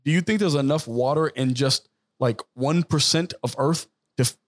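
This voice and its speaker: A man with a somewhat high voice argues in loose podcast banter. He starts over often and talks his reasoning through step by step. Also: normal speed. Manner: argumentative, restarts and reasons out loud. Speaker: podcast co-host. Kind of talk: casual chat.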